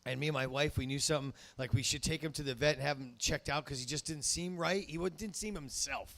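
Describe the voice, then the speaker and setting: The host of this stand-up show is a man speaking quickly in a fairly high, somewhat bright voice from a comedy club stage. He rambles through his jokes and regularly cuts himself off before finishing a sentence.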